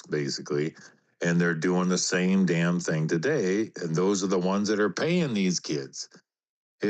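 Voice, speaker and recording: A man ranting in a rambling, emphatic way during a casual political chat. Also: low voice.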